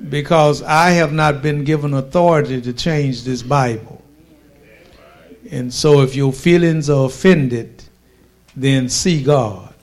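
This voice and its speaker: A male preacher delivering a sermon at a deliberately slow pace. He stretches his phrases and pauses between them for weight. His voice sits at an ordinary middle pitch and he makes forceful, emphatic declarations.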